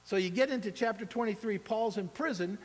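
A man preaching a sermon in an animated way, acting out the voices of the people he quotes. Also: high voice, brisk. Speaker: pastor. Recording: long hall reverb.

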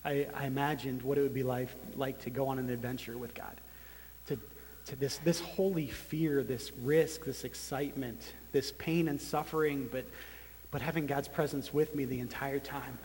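A man's voice: medium pitch, steady tone, a little mellow. Earnest man preaching in an echoing hall. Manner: earnest, halting storytelling. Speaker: church planter giving testimony. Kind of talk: personal testimony sermon. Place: large meeting room. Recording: long hall reverb.

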